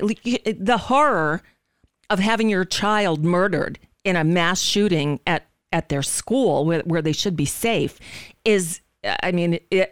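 A woman's voice: medium pitch, smooth, no echo. A woman hosting a livestreamed political talk show on a studio microphone. She speaks bluntly and indignantly, swears freely and often restarts her sentences.

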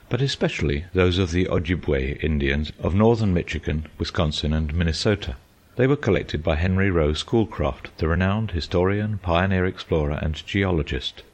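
A man narrating an audiobook with measured, careful delivery. His voice is remarkably deep and low. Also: darkish tone. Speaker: audiobook reader.

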